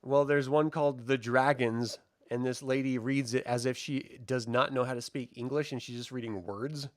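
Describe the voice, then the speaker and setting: A man's voice: medium pitch, fairly even intonation, moderate pace, no echo, studio quality. A man co-hosting a podcast, laid-back and joking, laughing often. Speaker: podcast co-host. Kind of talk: casual chat.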